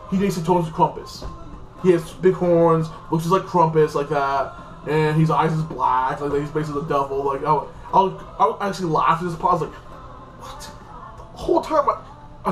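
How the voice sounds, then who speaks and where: Rambling man recapping an episode, echoey. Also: a little high. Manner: rambling, repeats "like this" and "freaking". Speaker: TV show reviewer. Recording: echoey room, distant mic, faint music.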